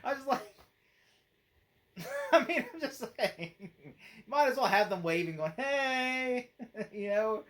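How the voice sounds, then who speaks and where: A man's voice: high voice, expressive, a little slow, long pauses, fairly bright tone. A man talks through a film in a casual spoken review for his own channel. He rambles from point to point, leaning on "like" and "you know". He breaks into laughter easily as he goes. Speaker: movie critic and channel host.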